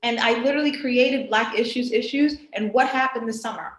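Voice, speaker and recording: A woman with a New York accent, talking as a guest on a video-call interview in an animated, emphatic way. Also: fairly high pitch, fairly quick. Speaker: guest artist. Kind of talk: casual interview chat. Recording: roomy echo on a video call.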